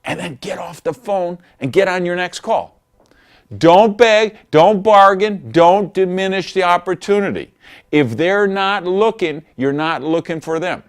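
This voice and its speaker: A man giving a recorded training lesson on network marketing, coaching in an animated way and acting out phone calls. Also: high-pitched.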